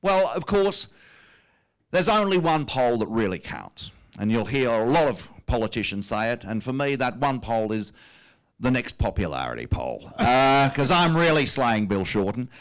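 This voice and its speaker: A comedian doing a smug rich Aussie prime minister. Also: male voice, medium pitch, big pitch swings, normal speed, close to an everyday voice. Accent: Australian. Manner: smug, drawling, self-amused. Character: smug wealthy male prime minister, pompous and self-satisfied. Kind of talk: stand-up impression of a politician. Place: stage.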